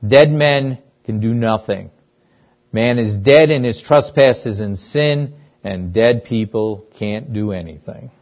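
Male preacher, unhurried and emphatic, leans on repetition; muffled, lo-fi sound. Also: fairly low pitch. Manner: emphatic, repeats key phrases for weight. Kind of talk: sermon. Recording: dull lo-fi sound.

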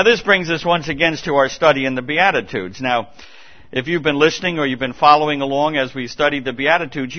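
A man preaching a sermon in a church, earnest and emphatic, repeating his key points and restarting phrases as he goes. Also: mid-range voice. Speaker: pastor. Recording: dull lo-fi recording.

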